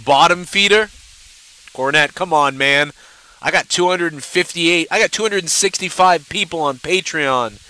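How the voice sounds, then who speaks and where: A man's voice: mid-range voice, sharp tone, rough recording. A male live-show host in a mocking, combative rant to camera, swearing heavily. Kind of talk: angry profane rant to camera. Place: seated at home in front of a camera.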